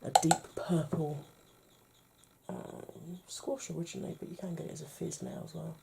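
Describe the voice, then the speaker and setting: A woman's voice: deep voice, huge pitch swings, normal speed, gravelly, mellow, a little hiss or hum. A woman from the United Kingdom chatting through a makeup tutorial and often dropping to a whisper as she works. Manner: chatty, often drops to a whisper while working. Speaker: makeup vlogger.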